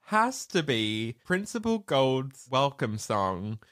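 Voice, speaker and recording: Lively, animated man chatting on a podcast. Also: medium pitch, slow, no echo, clean studio sound. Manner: animated, laughs often. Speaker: podcast co-host. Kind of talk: casual chat.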